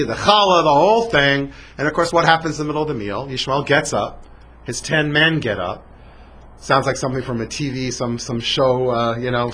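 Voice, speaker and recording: A man telling a biblical story in a dramatic way, with animated delivery and conversational asides. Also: on the high side, slightly rough. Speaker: storyteller teacher.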